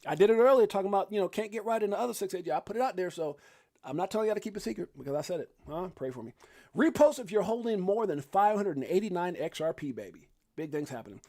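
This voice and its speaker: Brief: high-voiced Chicago man, rapid-fire livestream host, dry close sound. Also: no echo. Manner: fast, excitable, shouting out viewers. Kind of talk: hyped casual livestream chat.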